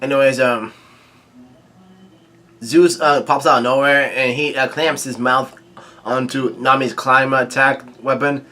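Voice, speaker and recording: A man casually recapping a comic chapter, reading out the dialogue in a halting way full of fillers and restarts, with quick asides. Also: medium pitch, steady tone, pushed and bright. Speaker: manga reaction host.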